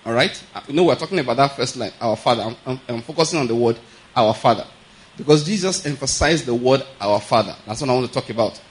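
A man preaching in a relaxed, conversational way, with a middle-pitched voice. He often stops to ask whether the listeners follow, and laughs lightly as he teaches. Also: fast talker, hardly any pauses, low-quality recording. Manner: conversational teaching with frequent check-ins and chuckles. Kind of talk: sermon.

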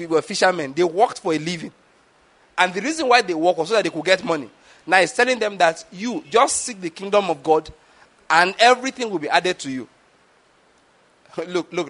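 A man's voice: high voice, a bit bright. A man, preaching a teaching sermon and often checking that the listeners follow. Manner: asks the audience questions, repeats words. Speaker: pastor.

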